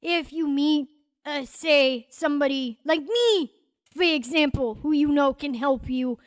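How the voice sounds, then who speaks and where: A woman voicing a brash, foul-mouthed, scatterbrained woman who hands out gifts, talking loud and offhand. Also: high voice, measured pace, dry recording.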